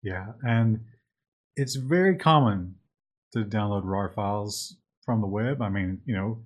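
A man co-hosting a podcast, explaining tech stories in a measured, casual way. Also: lowish voice. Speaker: podcast co-host. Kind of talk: casual tech news chat.

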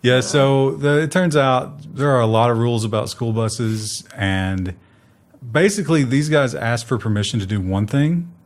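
A man's voice: mid-range voice, lively intonation, normal speed. A man co-hosting a casual tech news chat, joking and ironic, slipping into mocking voices. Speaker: co-host.

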